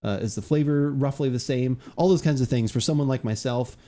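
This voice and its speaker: Fast-talking man tasting beer. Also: medium pitch, warm tone. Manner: chatty, laughs often, jokey. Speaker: podcast co-host. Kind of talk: casual beverage tasting chat.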